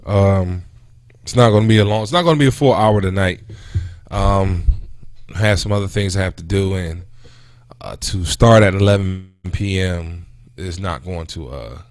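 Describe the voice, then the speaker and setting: A man in his thirties hosting a casual talk show, venting in an animated, indignant way about an everyday run-in and then moving on to other topics. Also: normal speed, no echo, clean studio sound. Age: 30s. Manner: animated and indignant, with pitch jumping when quoting and venting. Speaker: host. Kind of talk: casual talk radio monologue.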